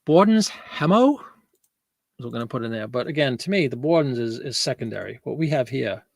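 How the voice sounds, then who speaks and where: A man with a creaky, mid-range voice talks fast while hosting a casual live selling stream. He chats and rambles with viewers, laughs often, and reads their comments out loud as he replies. The recording is dry.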